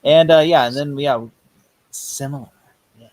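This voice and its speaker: A man's voice: a little high, steady tone, a little slow, darkish tone, low-quality recording. A man hosting a casual watch-party stream, rambling with many fillers and frequent laughs. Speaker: stream host.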